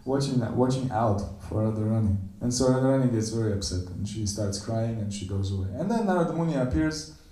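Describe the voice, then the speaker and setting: A man giving a temple lecture, animatedly telling a story and acting out the characters' quoted lines in a higher voice. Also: lively intonation, fairly quick, few pauses, warm tone. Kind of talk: storytelling sermon. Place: temple hall. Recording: echoey room, voice from a distance.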